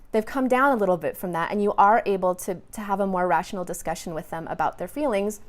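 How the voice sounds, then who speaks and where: A woman in her thirties, a parenting coach, talking in a gentle, earnest way with small restarts as she gives advice. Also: medium pitch. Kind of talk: casual advice talk to camera.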